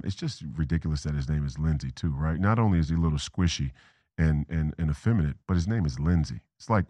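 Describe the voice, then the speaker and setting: This is a deep-voiced man from Minnesota running a political talk show, recorded with no echo. He delivers rambling commentary, repeating himself, restarting words, and wandering off on tangents.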